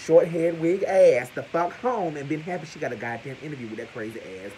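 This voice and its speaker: A man giving crude, profane gossip commentary to his viewers, talking to them as "y'all" and punctuating points with loud exclamations. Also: fairly high pitch, a little fast, very noisy. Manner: animated, crude, keeps calling out "Hello!". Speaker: vlogger.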